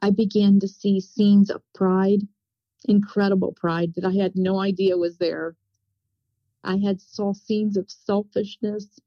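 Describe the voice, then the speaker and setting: A woman's voice: medium pitch, level tone, measured pace, no echo. Earnest woman telling a spiritual testimony. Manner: earnest, repetitive retelling. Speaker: testimony speaker. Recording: dull, dry, lo-fi sound.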